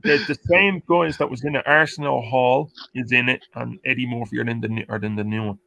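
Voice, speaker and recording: Mumbly guy, gravelly voice, dry close mic, just chatting. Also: fairly even intonation, a little fast, bright, forceful tone, no room sound. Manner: mumbly, low-key, trails off. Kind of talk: casual chat.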